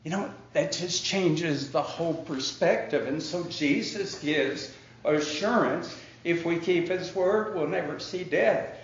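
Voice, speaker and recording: A man preaching a sermon with slow, emphatic delivery and dramatic pauses, now and then acting out his opponents in a high, incredulous voice. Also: reverberant, dull audio. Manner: acts out the Pharisees in a high, incredulous voice. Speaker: pastor.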